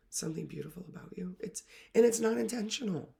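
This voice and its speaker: A woman's voice: medium pitch, moderate pace, vocal fry, mellow. A woman literacy coach talking reflectively to camera, earnest and emotional, often dropping her voice to a near whisper.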